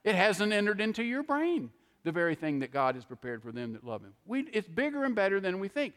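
Preacher, middle-aged man, high tenor voice, chatty sermon style, handheld mic, long church reverb. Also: big pitch swings, a little fast, a bit bright. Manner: conversational preaching with frequent "okay?" asides. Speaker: pastor. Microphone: handheld microphone.

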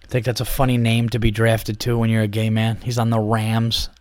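A man's voice: on the low side, monotone, brisk, no room sound. A man hosting a podcast, ranting in a casual, profane, exasperated way with many restarts. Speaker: podcast host.

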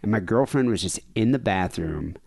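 A man hosting a podcast, spinning a long rambling story. His pitch swings widely as he acts out the other people in it, and he keeps breaking into laughter. The talk is loose and casual. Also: lively intonation, moderate pace, vocal fry, a little mellow. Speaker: podcast host.

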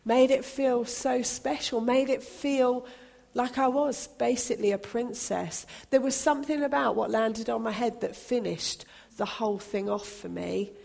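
Expressive woman reading aloud. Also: a little high, vocal fry. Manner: expressive, dramatic, slowing for emphasis. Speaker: speaker reading to a congregation. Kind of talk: expressive storybook reading in a church talk.

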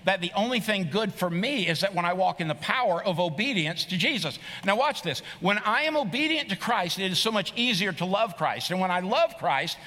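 A middle-aged male pastor preaches with earnest emphasis and a high, ringing tone. His bright, forceful voice carries a long hall reverb from a large sanctuary. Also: expressive, fairly quick, few pauses. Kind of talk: sermon.

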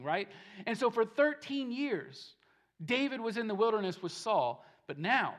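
A man preaching a sermon with plenty of emphasis. He returns to key phrases again and again and drops his voice low before building back up. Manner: emphatic, repeats phrases, swings from soft to loud. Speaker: pastor. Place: church service.

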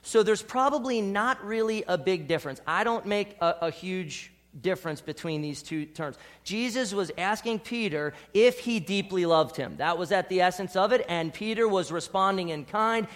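A man preaching a sermon as pastor, dropping to soft, hushed lines and rising to bold, emphatic ones. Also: high-pitched, moderate pace, hardly any pauses. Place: church.

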